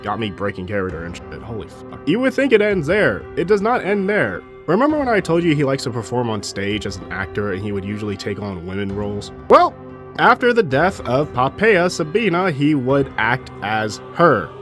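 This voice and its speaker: A young man tells history in a blunt, sarcastic way, swearing freely as he goes. His pitch swings widely from line to line, and soft music plays faintly underneath. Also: very animated, moderate pace. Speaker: history YouTuber. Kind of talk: casual history commentary.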